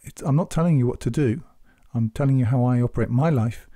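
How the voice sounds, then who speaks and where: Deep, mellow man giving earnest commentary. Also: no room sound, clean studio sound. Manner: measured, deliberate, earnest exhortation. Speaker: Quran commentator. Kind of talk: spoken scripture commentary.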